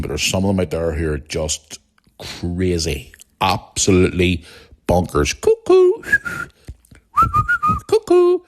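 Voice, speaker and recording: A man's voice: deep voice, darkish tone. Blunt, heated man hosting a podcast. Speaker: podcast host. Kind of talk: casual opinion monologue.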